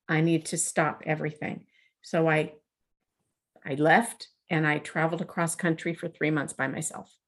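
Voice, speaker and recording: Speaking in a deep voice, a middle-aged woman who is the guest in a conversational interview recounts something from her own life. She's animated and performs the lines of the people she quotes.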